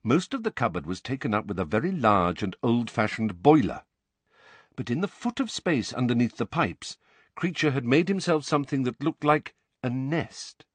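A man narrating an audiobook with expressive, animated storytelling. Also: medium pitch, normal speed, husky, dry recording. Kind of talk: scripted narration.

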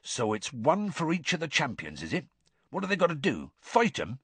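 A man voicing a huge, gentle gamekeeper who speaks in a rustic way and drops his word endings, in a storybook reading. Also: a little high, wildly swooping pitch, moderate pace, husky, no room sound, pitched above the performer's own voice, exaggerated voice. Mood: curious, dreamy. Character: huge gentle male half-giant gamekeeper.

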